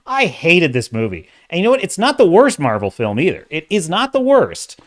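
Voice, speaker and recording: A man who runs a sci-fi and fantasy commentary channel hosts a casual livestream, voicing strong, exasperated opinions in bursts with frequent restarts. His voice is on the high side with wildly swooping pitch, at normal speed.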